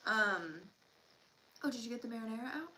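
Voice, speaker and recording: A woman's voice: fairly high pitch, expressive, fairly quick, heavy background noise. A woman co-hosting a casual livestream, chatting and rambling with lots of fillers while she eats. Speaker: livestream co-host.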